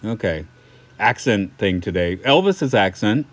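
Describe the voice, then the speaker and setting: A man's voice: on the low side, expressive, unhurried. A man from Atlanta, co-hosting a podcast in casual chat, rambling and correcting himself as he tells stories. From Atlanta, United States. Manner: rambling, self-correcting storyteller. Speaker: podcast co-host.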